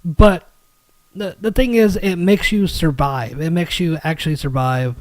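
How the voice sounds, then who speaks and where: A man from Kentucky with a high voice hosts a loose gaming podcast, joking and swearing freely. His voice is bone-dry, recorded right up on the mic with no room sound. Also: measured pace, dry recording. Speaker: podcast host. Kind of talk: casual gaming chat.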